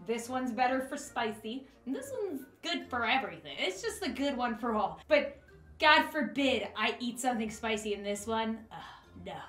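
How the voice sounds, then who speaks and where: A woman's voice: on the high side, animated, moderate pace, fairly bright tone, reverberant. A young woman vlogging in her home office, goofy and giggling as she talks to herself and the camera. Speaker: YouTuber. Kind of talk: comedic filter-testing vlog.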